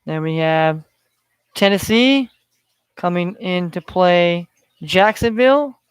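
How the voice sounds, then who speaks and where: A man's voice: high-pitched, lively intonation, takes it slowly, clean tone, dry recording. A man hosting a solo sports betting podcast, talking in a rambling way with many fillers. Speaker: podcast host.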